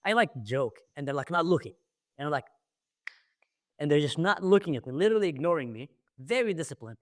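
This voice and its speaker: A young man hosting a casual podcast chat, his voice sitting a little higher than most men's. He tells stories with animated energy and acts out the scenes as he goes. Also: brisk. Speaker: podcast host.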